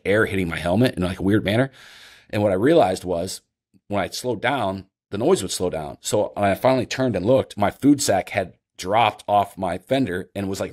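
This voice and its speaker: Deep-voiced man telling a hunting story. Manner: animated storyteller, swears, acts out his own reactions. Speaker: podcast host. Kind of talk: casual storytelling chat.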